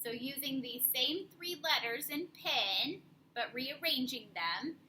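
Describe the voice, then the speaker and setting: A young woman teacher giving a slow, clear, encouraging spelling lesson to young children from her classroom. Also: high-pitched, animated, bright, forceful tone, slight background noise, poor audio.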